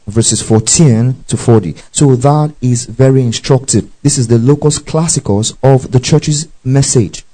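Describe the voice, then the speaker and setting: A man's voice: medium pitch, warm tone, rough recording. A man preaching a Bible-teaching sermon. He reads scripture aloud, breaks in to explain it, tells listeners what to underline and keeps checking that they follow.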